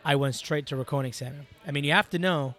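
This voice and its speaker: A man from Iraq, a podcast guest telling his story in an animated, rambling way and acting out what people said. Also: a little high, fast, soft background music. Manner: animated, rambling, acts out quotes. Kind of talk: casual storytelling.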